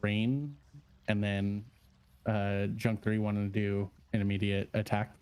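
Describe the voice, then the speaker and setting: A man running a tabletop game as dungeon master, relaxed and hesitant, with many fillers. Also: fairly low pitch, slow, clear, resonant tone.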